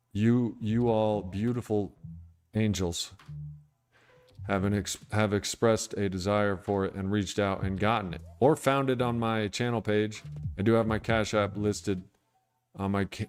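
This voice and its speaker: A man's voice: lowish voice, a little mellow, clear, resonant tone. A man hosting a casual livestream, chatting in a rambling, laid-back way and answering viewers' comments. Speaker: livestream host. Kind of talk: casual livestream chat about sobriety.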